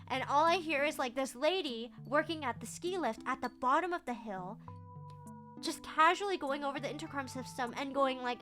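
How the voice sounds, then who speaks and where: A woman streamer telling a story in casual chat, acting out her own panic with stammers and quick bursts. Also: high-pitched, a bit bright, faint music behind.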